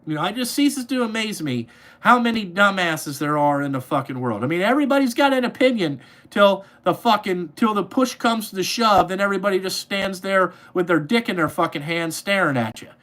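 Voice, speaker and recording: A man's voice: sits high, animated, fairly quick, fairly bright tone. A man ranting angrily into his podcast mic, swearing constantly and rambling with repeated fillers. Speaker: podcast host, trucking business owner. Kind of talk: profane ranting monologue.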